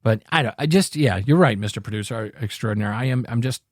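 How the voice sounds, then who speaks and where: A man's voice: mid-range voice, quick pace, dry recording, studio quality. A man hosting a podcast, ranting angrily about politics, swearing freely and rambling with frequent restarts. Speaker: podcast host. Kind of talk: profane political commentary rant.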